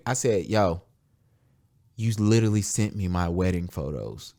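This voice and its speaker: Young southern guy hosting a podcast, super animated pitch, cusses a lot, tells stories. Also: moderate pace. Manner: loose, profane storytelling with animated voices. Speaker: podcast host. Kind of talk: casual podcast chat.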